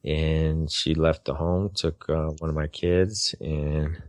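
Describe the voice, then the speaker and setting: A man in his forties speaks as a podcast guest, recounting his own story with earnest, halting phrasing and frequent restarts. His voice sits very low. The sound is close and dry, with no room around it. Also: little pitch movement, darkish tone, no room sound. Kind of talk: personal story in a podcast interview.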